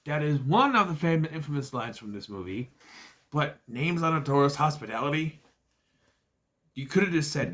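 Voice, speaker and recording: A man's voice: fairly high pitch, sing-song, brisk, fairly bright tone. A man casually recapping a bad movie with sarcastic asides, jumping into exaggerated voices for the characters' lines. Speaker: movie reviewer.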